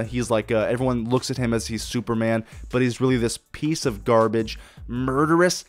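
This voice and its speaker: A man hosting a solo podcast, talking casually and enthusiastically with lots of swearing and restarts. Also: medium pitch. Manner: enthusiastic, profane, rambling with restarts. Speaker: podcast host.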